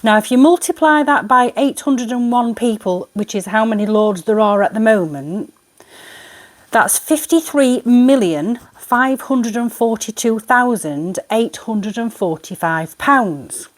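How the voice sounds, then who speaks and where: A woman's voice: on the high side, lively intonation, unhurried. A woman, a tarot reader ranting in an exasperated, indignant vlog monologue.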